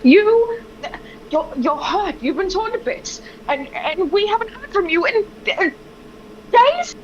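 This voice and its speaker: A woman playing Estrella, a yelling volatile adventurer. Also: very high-pitched, very animated, takes it slowly, slight background noise, voice pushed up, exaggerated voice. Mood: alarmed. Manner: shouting, exasperated, cursing. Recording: dull lo-fi sound.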